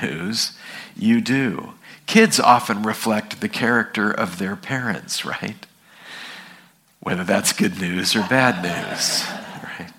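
Slow, bright-voiced man preaching. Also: lowish voice. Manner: conversational teaching with scripture readings, asks congregation questions. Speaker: pastor. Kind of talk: sermon.

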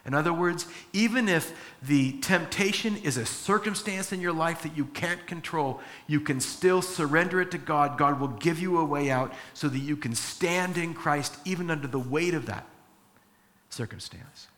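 Bright-voiced male preacher telling stories. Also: fairly high pitch, normal speed. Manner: storytelling, animated, chuckles often. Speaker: pastor. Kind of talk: sermon.

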